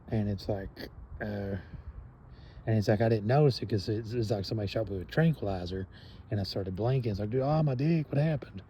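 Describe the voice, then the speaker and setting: Man, low voice, dark tone, meandering, profane, filler-heavy. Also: a little hiss or hum, poor audio. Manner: meandering, profane, many fillers and trailing pauses. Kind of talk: rambling monologue.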